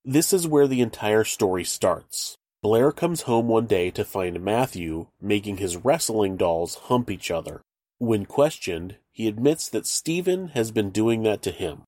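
A man narrating a true-crime video in a flat, matter-of-fact way. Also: on the low side, unhurried, no room sound, studio quality.

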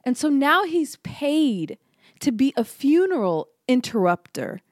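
A woman's voice: high voice, measured pace, no room sound, clean studio sound. A young adult woman co-hosting a podcast, telling stories in casual chat and acting out the quoted lines. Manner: animated storyteller, acts out quotes. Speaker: podcast co-host.

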